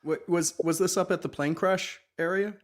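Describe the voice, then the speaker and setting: A man's voice: sits high, fairly even intonation, moderate pace. A man guest on a radio talk show, talking in a casual, hesitant way. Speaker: paranormal investigator guest.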